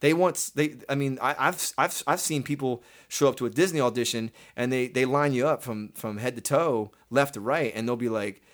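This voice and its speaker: A man in a relaxed interview, retelling his start as a performer in long, rambling turns. He often restarts a sentence midway and slips into voices to act out what others said. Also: mid-range voice, normal speed, hardly any pauses. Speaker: guest, stage performer. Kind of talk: casual storytelling interview.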